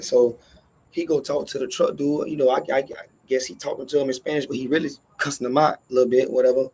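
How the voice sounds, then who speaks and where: A man telling a profane workplace story in casual storytelling style, animated and acting out every line of dialogue. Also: medium pitch, fast, slightly rough.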